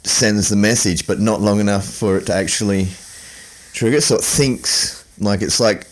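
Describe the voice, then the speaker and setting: A man's voice: on the low side, normal speed, rough recording. A man, co-hosting a podcast in casual, rambling chat, swearing freely and acting out stories. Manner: rambling, swears freely, acts out phone calls. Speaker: podcast co-host.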